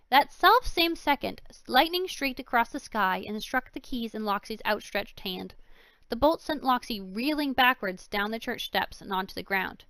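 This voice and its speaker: A woman's voice: fairly high pitch, animated, moderate pace, fairly bright tone, no echo. Woman reading an audiobook, dry and close. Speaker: audiobook narrator. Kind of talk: audiobook narration.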